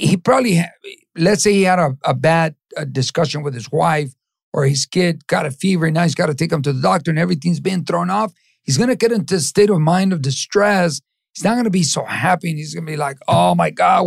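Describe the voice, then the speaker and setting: A middle-aged man from East LA with a high, gravelly voice gives an animated motivational talk as a podcast guest. He acts out the people in his stories and slips Spanish phrases in. The sound is close and dry. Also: dry recording. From East Los Angeles.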